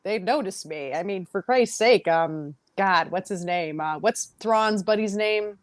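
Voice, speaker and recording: A woman co-hosting a podcast in casual chat, animated, acting out quotes and laughing often. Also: medium pitch, unhurried, no room sound. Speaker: podcast co-host.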